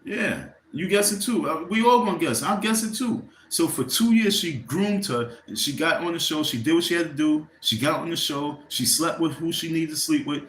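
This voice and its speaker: Hosting a livestream, a man with a slightly high, fairly bright voice rants casually and profanely, heated and rambling, with lively intonation. He talks at normal speed with hardly any pauses, addressing viewers directly and asking for likes, while the room echoes around him.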